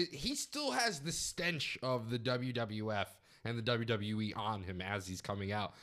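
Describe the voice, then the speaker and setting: A man's voice: mid-range voice, fairly bright tone. A man co-hosting a casual review podcast, cracking wry, profane remarks. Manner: swearing, wry banter. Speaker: podcast co-host.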